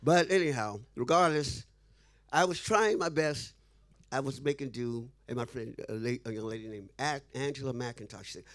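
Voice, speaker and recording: A man's voice: medium pitch, normal speed, fairly bright tone. A man being interviewed who tells a story with animation, acting out the dialogue and laughing often. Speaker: interview guest.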